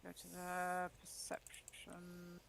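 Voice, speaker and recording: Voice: medium pitch, monotone, slow, vocal fry, fairly bright tone, husky. A player in a casual tabletop game, joking around and swearing casually.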